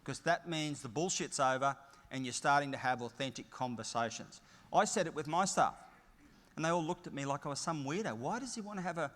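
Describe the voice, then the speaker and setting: A middle-aged Australian man gives a motivational keynote in a large conference hall, emphatic and story-driven, using punchy short phrases. His voice is medium in pitch and fairly bright, with long hall reverb around it.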